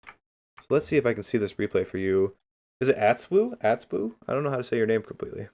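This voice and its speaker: A man's voice: lowish voice, fast talker, a little mellow. A man coaching game replays on a livestream, talking loosely and upbeat straight to his chat. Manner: upbeat, keeps saying beautiful.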